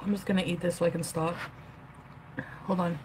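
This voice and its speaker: A woman's voice: on the low side, little pitch movement, fairly quick, darkish tone, a little hiss or hum. A woman in a food vlog, talking between bites and straining to stay composed over spicy food. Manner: talking while eating, strained by spice. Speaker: food vlogger. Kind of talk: eating vlog narration.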